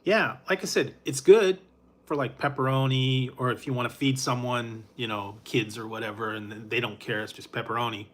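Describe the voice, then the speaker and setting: A middle-aged man chatting casually with his live viewers, rambling and laid-back. He talks at an ordinary mid pitch, chuckles often and fills pauses with ums and uhs. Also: fairly even intonation. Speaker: food reviewer.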